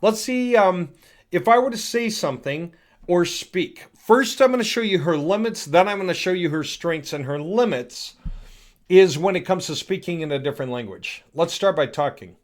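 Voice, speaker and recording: Chatty man demoing software. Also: high voice, moderate pace. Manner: chatty, thinks aloud, frequent fillers. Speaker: host demonstrating software. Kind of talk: casual screen-recorded product demo.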